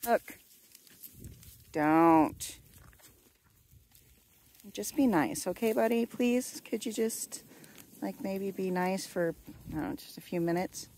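A woman's voice: medium pitch, slow, long pauses, a little mellow, slight background noise. A woman on her farm talking playfully to her goats in affectionate baby talk. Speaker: farm vlogger. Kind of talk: casual chat with farm animals. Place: outdoors on a small farm.

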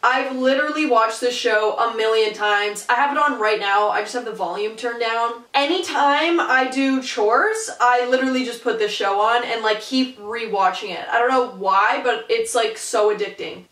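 A young woman with a slightly high voice chats casually to her viewers from her room, full of "like" and "literally" and the odd swear word. She is recorded on the camera's built-in mic, so she sounds a bit distant in a roomy space. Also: normal speed, few pauses, fairly bright tone. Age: young adult. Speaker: vlogger. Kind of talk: casual chatty vlog. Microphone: camera mic, no external mic.

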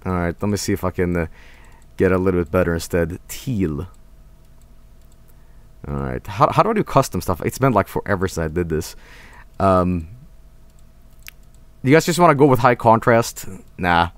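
A male streamer giving rambling, excitable live commentary while clicking through old software, often breaking into laughter. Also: low-pitched, moderate pace, pauses often, no echo.

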